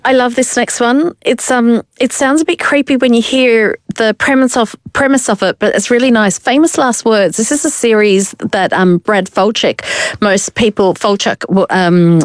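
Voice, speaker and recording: A woman's voice: on the high side, moderate pace, no room sound. A woman presenting a casual culture chat, chatty with frequent restarts. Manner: chatty, restarts, rising asides.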